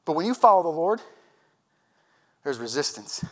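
A man's voice: fairly high pitch, big pitch swings, moderate pace, a bit bright. A man preaching a sermon in a church, impassioned and conversational, acting out quoted voices and repeating himself as he presses his point. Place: church sanctuary.

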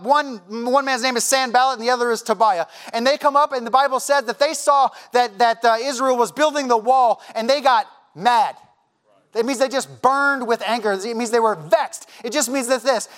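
Preaching in a church sanctuary, a man with a very high-pitched, fairly bright voice delivers an impassioned, conversational sermon. He performs the voices of the people he quotes and keeps repeating himself to press his point.

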